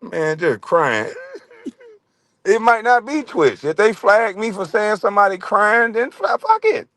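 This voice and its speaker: A man's voice: high voice, very animated, measured pace, fairly bright tone. A man hosting his own livestream, ranting in a profane, mocking way and laughing often. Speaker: livestream host.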